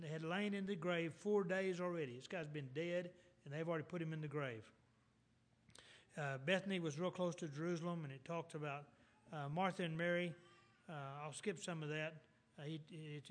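A man preaching a sermon in a church, reading scripture and retelling it in plain, folksy talk. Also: on the high side.

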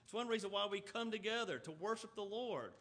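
Guy preaching a sermon, high bright voice, earnest, reads verses then explains em. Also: lively intonation, fairly quick, slightly rough. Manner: earnest, asks rhetorical questions in runs; reads scripture aloud and then explains it in plain talk. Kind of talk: sermon, reading scripture and expounding.

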